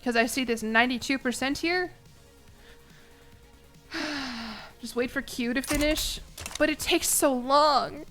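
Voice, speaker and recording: A woman's voice: high voice, a little slow, pauses often, fairly bright tone, soft background music. A young woman streaming a strategy game, chatting casually with viewers in a sarcastic, swearing manner. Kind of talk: casual gameplay livestream chat.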